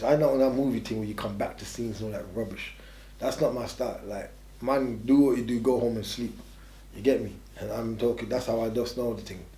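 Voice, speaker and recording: Fast-talking blunt man, roomy sound. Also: mid-range voice, warm tone. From England. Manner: blunt, rambling, restarts a lot. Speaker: interviewee. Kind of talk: candid storytelling. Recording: roomy echo.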